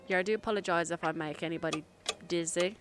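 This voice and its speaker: A woman with a Black Country accent, chatting casually as she plays a game on stream and thinks out loud. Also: fairly low pitch, quick pace, over music. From England. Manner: chatty, thinking aloud with fillers. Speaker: gaming streamer. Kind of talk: casual gameplay commentary.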